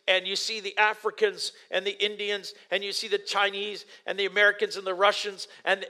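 A man preaching a sermon, reading scripture and explaining it in an animated, excitable way, with frequent restarts and sudden loud exclamations. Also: sits high.

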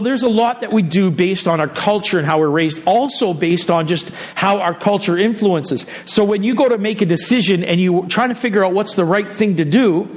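A middle-aged man, the pastor, preaching a sermon in a relaxed, conversational way, often breaking off mid-sentence and dropping joking asides to the congregation. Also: sits high. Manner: conversational, self-interrupting, jokey asides.

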